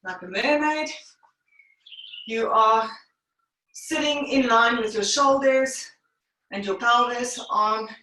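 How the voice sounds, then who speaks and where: A woman pilates instructor leads a live online class, counting reps and calling breaths in short, unhurried phrases. Her voice sits a bit high and she sounds a little winded. She is heard from across a strongly echoing room. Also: sharp tone, slight background noise. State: slightly out of breath. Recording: very echoey room, voice far from mic.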